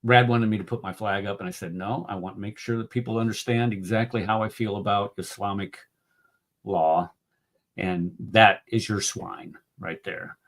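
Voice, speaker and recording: A man's voice: on the low side, steady tone, moderate pace. A man in a heated political discussion, indignant and mocking, often restarting his sentences. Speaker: discussion group co-host.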